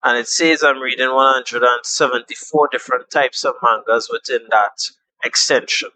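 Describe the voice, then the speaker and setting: A man's voice: medium pitch, steady tone, normal speed, bright, forceful tone, dry recording, rough recording. A young man walking viewers through a phone app in a casual, chatty tutorial, repeating steps and trailing off with fillers. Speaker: tutorial host.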